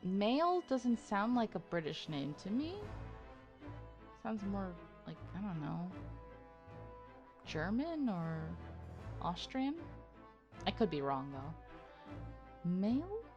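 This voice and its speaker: A woman's voice: medium pitch, big pitch swings, slow, pauses often, a little mellow, lo-fi sound, faint music behind. A woman giving casual, chatty commentary on a game playthrough, musing aloud and laughing often. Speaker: gamer, let's play host.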